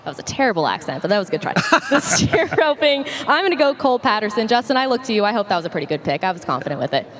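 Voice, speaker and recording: A woman's voice: medium pitch, very animated, rapid-fire, hardly any pauses. A woman hosting a casual rodeo panel chat, upbeat and laughing often between picks. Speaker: show host. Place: outdoor rodeo broadcast set.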